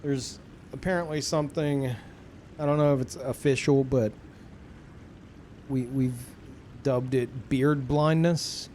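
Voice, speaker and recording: A man's voice: mid-range voice, fairly even intonation, slow, long pauses, darkish tone, a little hiss or hum. A young man streaming a game, chatting casually with viewers in a laid-back, profane, rambling way. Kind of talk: casual chat with stream viewers while gaming.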